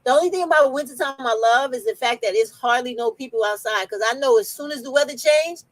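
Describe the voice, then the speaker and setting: A woman with a New York accent hosts a casual conversation, speaking bluntly and directly and swearing without hesitation. Her voice sits a little high, and the recording is dry and close. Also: quick pace, no echo, rough recording. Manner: blunt, outspoken, swears freely. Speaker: host. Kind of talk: casual chat.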